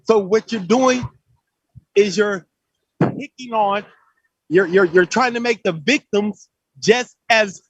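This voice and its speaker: A man's voice: sits high, slow pace, pauses often, no room sound. A man arguing hard in a group voice chat, talking over others and repeating himself. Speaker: debate participant. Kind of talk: heated group voice chat debate. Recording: dull lo-fi voice chat audio.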